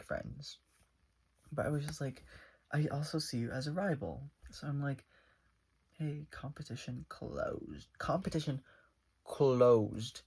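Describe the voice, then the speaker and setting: Gravelly young man rambling through a story. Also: mid-range voice. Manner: rambling, animated retelling full of fillers. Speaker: vlogger. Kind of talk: casual storytime.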